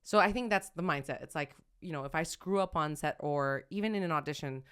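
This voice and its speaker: An actress as a podcast guest, talking in a rambling, animated way and often correcting herself mid-sentence. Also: female voice, sits low, a little fast, smooth. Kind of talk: casual conversational interview.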